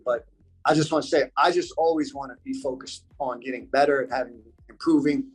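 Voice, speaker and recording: A man's voice: medium pitch, fairly even intonation, brisk, breathy edge, poor audio. A man from the United States, a podcast guest talking in a casual interview, earnest and repeating his points for emphasis.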